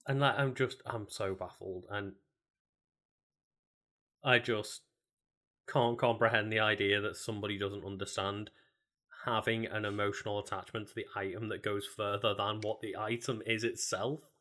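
Bright-voiced man reacting in disbelief. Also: lowish voice, steady tone, moderate pace. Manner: incredulous reactions, heavy swearing. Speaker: podcast co-host. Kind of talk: casual chat.

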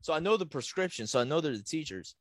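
Young man, podcast co-host, casual storytelling, profane, lively pitch, dry sound. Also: fast, dry recording. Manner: profane, animated, acts out voices in stories.

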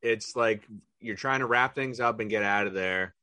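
A man co-hosting a podcast in casual comedic chat, easygoing and quick to laugh, steering the topics. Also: fairly low pitch, pushed and bright, smooth, no room sound. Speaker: podcast co-host.

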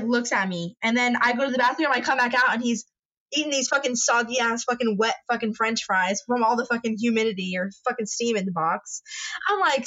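A woman co-hosting a podcast, telling a story in a lively, profane, chatty way. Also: fairly high pitch. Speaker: podcast co-host. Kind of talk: casual chat. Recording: dull lo-fi recording.

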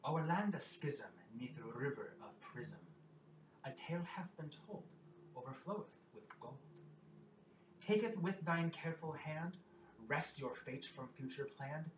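A man's voice: fairly high pitch, expressive, unhurried, a little hiss or hum, voice pushed up. A man doing a wry, theatrical fey lord of song. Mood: chanting. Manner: lilting, theatrical, rhyming recitation. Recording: roomy, distant mic, loud background ambience.

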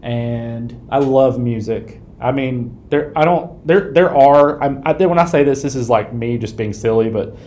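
A man in his thirties, a podcast co-host, chatting casually and warmly, often restarting his sentences, openly emotional. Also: mid-range voice, unhurried, hardly any pauses. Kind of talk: casual chat. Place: recording studio.

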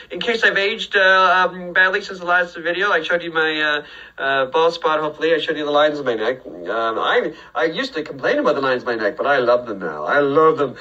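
A man's voice: on the high side, expressive, fairly quick, pushed and bright, highs cut off. An older man rambling through a jokey, self-deprecating birthday message, full of fillers and restarts. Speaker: comedian recording a birthday video message. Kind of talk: rambling comic monologue.

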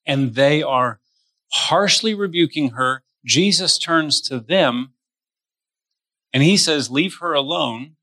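A man's sermon voice, pitched a little high and very bright, delivered at a slow, deliberate pace. He preaches with emphasis and leans hard on key words as he speaks straight to his congregation. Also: expressive, dry recording. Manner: addresses listeners directly. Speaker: pastor.

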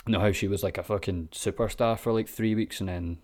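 A man's voice: fairly low pitch, steady tone, fast talker, a little mellow. A Scottish man giving laid-back, sweary reaction commentary with lots of ums and chuckles. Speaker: vlogger.

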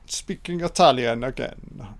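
A man's voice: medium pitch, animated, a little slow. A man giving a casual, crude running commentary on a film, swearing and reacting aloud.

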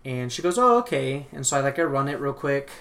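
A young man on a podcast, spinning a long story in loose, profane talk. He jumps into the voices of the people in the story as he goes. His voice sits at an ordinary middle pitch. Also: quick pace. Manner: profane, animated, acts out both sides of phone calls. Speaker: podcast host. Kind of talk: casual storytelling chat.

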